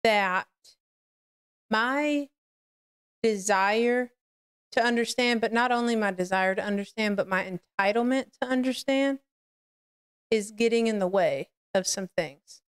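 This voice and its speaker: Smooth-voiced woman hosting a live faith podcast. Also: a little high, unhurried, pauses often. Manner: candid, rambling, confessional; greets the live chat. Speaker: podcast host.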